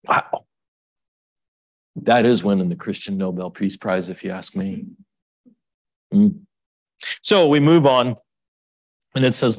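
A middle-aged male pastor preaches a sermon emotionally and ramblingly, restarting often and leaping suddenly up and down in pitch. The recording has studio quality with no echo.

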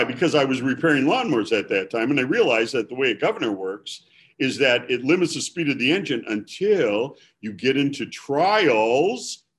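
A man's voice: mid-range voice, slightly rough. A man from Milwaukee, preaching in a casual, rambling storytelling way with self-deprecating humor.

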